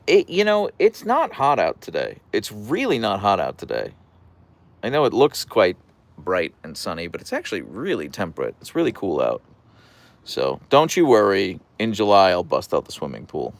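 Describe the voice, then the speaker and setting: Calm, creaky-voiced man chatting on a livestream. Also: low-pitched, normal speed. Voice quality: calm, radio-like voice. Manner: soft-spoken, relaxed, reads viewer comments aloud. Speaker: livestream host. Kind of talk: casual live-stream chat reading comments.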